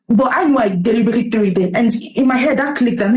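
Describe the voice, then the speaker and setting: A woman's voice: fairly high pitch, expressive, rapid-fire, few pauses, darkish tone, rough recording. A young Nigerian woman with a Nigerian accent, giving a passionate, emphatic commentary that pleads urgently with her listeners.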